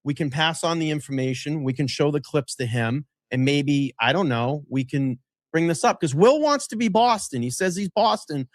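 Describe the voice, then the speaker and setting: Animated heckling man on a podcast. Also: fairly high pitch, moderate pace, no room sound, studio quality. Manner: animated, heckling, swears freely. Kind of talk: casual podcast chat.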